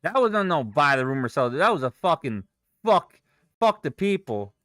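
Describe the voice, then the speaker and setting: A man's voice: on the high side, very animated, moderate pace, fairly bright tone, no echo, clean studio sound. A young man livestreaming his day trading, cursing and venting in exasperated outbursts. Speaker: day trader streaming live. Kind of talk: live trading stream, frustrated ranting.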